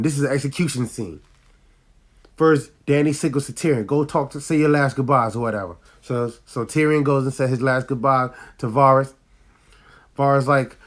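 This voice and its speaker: A man recapping and reviewing a TV episode in casual, slangy talk, excitable and loud when hyped, sounding a bit sick with a cough now and then. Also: on the high side.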